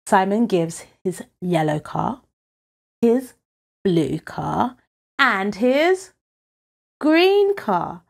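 A woman storyteller reading a picture book aloud, unhurried and expressive. Her pitch rises and falls in lively arcs as she takes her time over each line. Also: gravelly.

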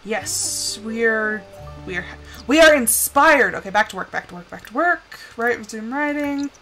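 A young woman giving casual live commentary on a life-sim game, chatty and scolding her characters with bursts of excitement. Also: on the high side, a little slow, soft background music, poor audio.

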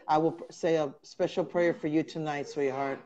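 A woman's voice: low-pitched, fairly even intonation, moderate pace, warm tone. A woman hosting a casual interview and reading viewer comments aloud in an affectionate, chatty way. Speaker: host. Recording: dull lo-fi live stream audio.

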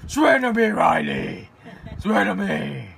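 A man's voice: fairly high pitch, very animated, slow, a bit bright, heavily acted. A man putting on a brooding masked vigilante's voice to play with his baby daughter. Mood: gravelly growl. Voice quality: gravelly growling whisper.

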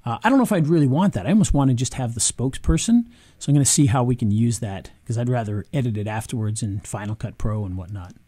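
A man casually reviewing software on screen, chatty, with frequent ums and restarts. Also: mid-range voice, lively intonation, fast, dry recording. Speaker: video marketing reviewer.

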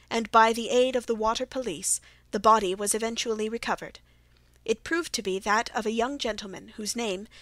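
A woman's voice: on the high side, fairly bright tone, no room sound, natural voice. A woman reading as earnest Doctor Watson. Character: Doctor Watson, loyal male companion, narrator.

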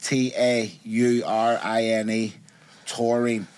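A man hosting a relaxed podcast conversation in a mid-pitched voice. He talks with emphatic conviction, leaning into his points and checking in with his listener. His tone is that of a loose, friendly chat. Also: takes it slowly, clean tone. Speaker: podcast host.

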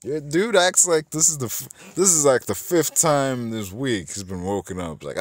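A man gives a casual, rambling movie review, swearing, using lots of fillers, correcting himself, and acting out characters' lines in snippets. His voice is mid-range at a moderate pace, and the recording is dry.

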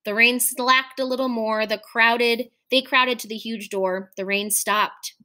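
A woman teacher reading a short story aloud in a measured, expressive storytelling manner. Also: a little high.

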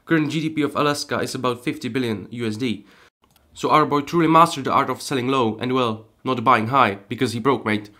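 Deadpan comic narrator, man. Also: medium pitch, brisk. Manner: deadpan, sarcastic. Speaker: host. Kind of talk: comedic scripted narration.

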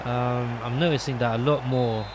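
A young man, commentating his own football video game matches and swinging between low mutters and shocked shouts. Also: steady tone, moderate pace, background noise. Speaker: gaming YouTuber. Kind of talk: live gameplay commentary.

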